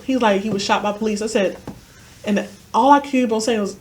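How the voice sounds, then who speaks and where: A woman's voice: a little high, a little fast. A woman guest telling a personal story in an interview, earnestly acting out the dialogue she recounts. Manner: vivid retelling that acts out quoted dialogue; earnest, emotionally charged. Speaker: podcast guest.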